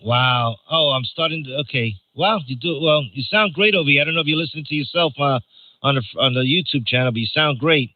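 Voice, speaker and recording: A man's voice: a little high, fairly quick, dry recording, narrow, tinny audio. An older man from New York hosting a ham radio net in chatty, joking casual talk, reading out call signs. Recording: noisy radio transmission.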